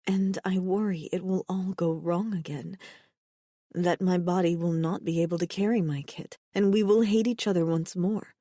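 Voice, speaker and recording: A woman voicing a gentle, sorrowful young alien woman who speaks softly and formally, without contractions. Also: on the low side, steady tone, normal speed, hardly any pauses, dry recording, studio quality, natural voice. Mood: sad. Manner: soft and mild.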